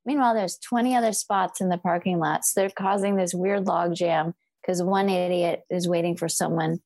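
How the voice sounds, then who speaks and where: A woman's voice: lowish voice, normal speed, no echo. A woman from California telling a story in casual chat, laughing often and acting out the people she quotes. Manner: animated, laughing, acts out quoted voices.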